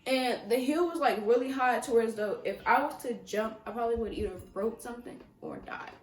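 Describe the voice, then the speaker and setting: Young woman, kinda high voice, soft and halting, emotional storytelling vlog, room echo. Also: very animated. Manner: soft-spoken, emotional, halting with many restarts. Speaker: vlogger.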